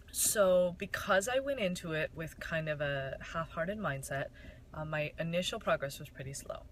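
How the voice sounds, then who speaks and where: A woman's voice: fairly low pitch, a little hiss or hum, rough recording. A young woman from Michigan telling her network marketing story in a casual, candid way, with frequent fillers.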